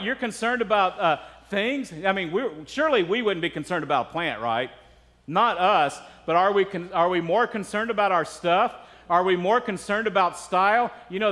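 A man's voice: high voice, a bit bright. A man preaching a sermon as pastor, talking conversationally and putting rhetorical questions to the congregation. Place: church sanctuary. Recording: long reverb of a church hall.

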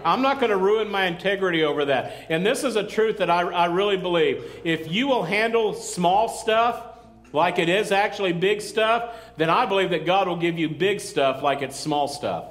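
A man's voice: sits high, normal speed, fairly bright tone. A male pastor preaching a sermon in a loose, conversational way, with joking asides and calls for amen.

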